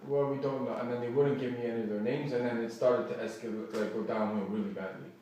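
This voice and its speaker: A man's voice: medium pitch, steady tone, fast talker, warm tone, distant mic. A man telling an agitated, rambling first-person account of a bad night, often quoting others and restarting his sentences. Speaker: man recounting a complaint. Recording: echoey room, voice from off-mic.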